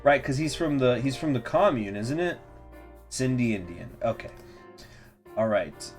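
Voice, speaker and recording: Animated, rambling male livestreamer. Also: mid-range voice, measured pace, faint music behind. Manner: rambling, profane, self-interrupting. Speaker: livestream gaming host. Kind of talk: casual livestream chat while reading a visual novel.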